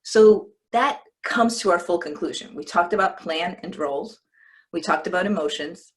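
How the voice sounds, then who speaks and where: Low-voiced woman coach teaching a webinar. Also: moderate pace. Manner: conversational, breaks off and restarts words, acts out example lines. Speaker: leadership coach presenting a webinar. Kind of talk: live webinar presentation. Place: at a desk, home or office.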